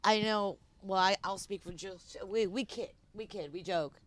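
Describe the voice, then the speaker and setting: A woman's voice: mid-range voice, normal speed, fairly bright tone. A woman artist telling stories in a casual chat, swearing freely and acting out other people's lines. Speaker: artist guest. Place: outdoor patio.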